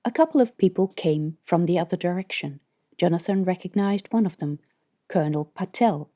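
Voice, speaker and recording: A woman reading an audiobook as narrator, in steady scripted narration. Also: fairly low pitch, normal speed.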